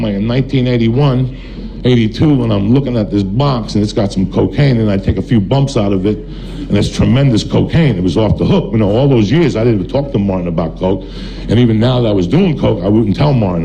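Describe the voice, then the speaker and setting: A middle-aged man from New Jersey doing stand-up storytelling on stage before a live audience, blunt and profane, talking in quick bursts. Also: on the low side, vocal fry, dark tone, a little hiss or hum, low-quality recording. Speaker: stand-up comedian.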